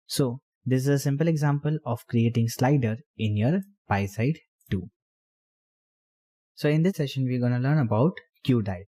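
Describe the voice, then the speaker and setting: A man explaining programming step by step while typing, in halting phrases. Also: medium pitch, mellow. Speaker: programming tutor. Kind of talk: screen-recorded coding tutorial.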